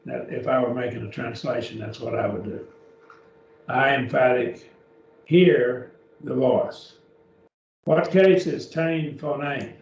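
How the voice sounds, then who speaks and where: A man's voice: mid-range voice, takes it slowly, vocal fry, a little mellow, a little hiss or hum. A man teaching a beginners' Greek class, patiently explaining step by step and often checking with "okay?", recorded from a distance. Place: church classroom. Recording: echoey room, distant mic, dull lo-fi.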